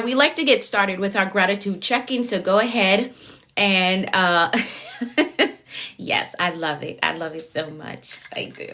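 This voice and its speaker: A middle-aged woman life coach hosting a casual livestream, upbeat, greeting viewers by name and repeating phrases, her voice getting a little hoarse. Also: mid-range voice, sharp tone.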